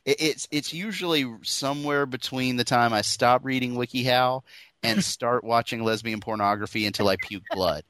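A man's voice: mid-range voice, normal speed, a bit bright, smooth, no echo. A man in casual podcast banter, crude and joking, laughing often.

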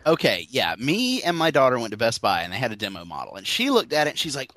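A man hosting a casual podcast, cracking loud jokes and telling stories with animated energy. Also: medium pitch, quick pace, hardly any pauses, no room sound. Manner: loud, joking, animated storyteller. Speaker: podcast host.

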